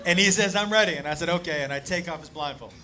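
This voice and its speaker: A man doing stand-up comedy, telling a story in an excitable, profane, animated way. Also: a little high, fast talker. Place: comedy club stage. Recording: live club, loud crowd and noise. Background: audience laughter and noise.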